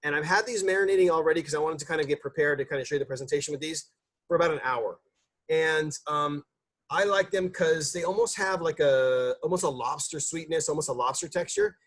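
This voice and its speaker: A man's voice: on the high side, brisk, a bit bright. A man, a chef, giving a casual cooking demonstration in a loose, chatty way with lots of fillers and restarts.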